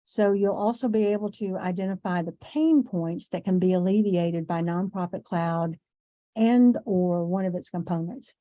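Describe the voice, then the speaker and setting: A middle-aged woman teaching an online class in a conversational way, repeating herself for emphasis and clearing her throat as she loses her voice. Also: medium pitch, warm tone. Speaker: instructor.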